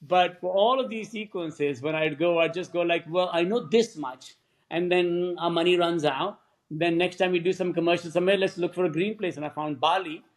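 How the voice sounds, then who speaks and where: A man in his fifties or sixties, a film director guest on a podcast, telling lively stories, acting out quoted dialogue and laughing often. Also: high-pitched, normal speed. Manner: animated storyteller who acts out quoted dialogue; laughs often while talking. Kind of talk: podcast interview storytelling.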